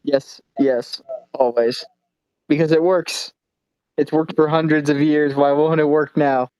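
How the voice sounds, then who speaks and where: Smooth-voiced sarcastic podcast co-host man. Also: a little high, fairly even intonation, unhurried, a little mellow, dry recording, low-quality recording. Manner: dry, sarcastic asides. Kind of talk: casual comedic chat.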